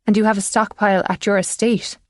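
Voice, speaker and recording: A woman's voice: mid-range voice, flat delivery, brisk, no room sound, studio quality, natural voice. A woman narrator voicing a guarded, precise woman vet who argues her case in a level, firm voice.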